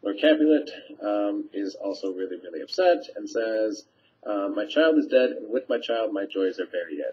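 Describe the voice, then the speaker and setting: A teacher talks students through a play scene in a relaxed, conversational way. His man's voice sits on the low side. The recording is dull and lo-fi, as from a webcam microphone. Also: moderate pace. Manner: conversational, paraphrasing lines with fillers. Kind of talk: casual scene summary for students. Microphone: webcam mic.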